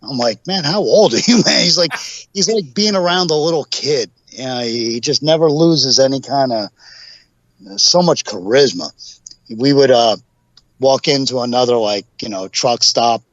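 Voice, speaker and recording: A man's voice: medium pitch, lively intonation, normal speed, dry recording. Rambling man telling stories, dull lo-fi audio. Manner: rambling anecdotes full of fillers. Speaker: podcast guest, pro wrestler. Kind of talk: casual storytelling interview.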